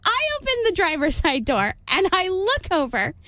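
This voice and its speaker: Very high-pitched, animated woman telling a story. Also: moderate pace, no echo. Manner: animated, acts out quotes, laughs often. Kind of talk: casual storytelling chat.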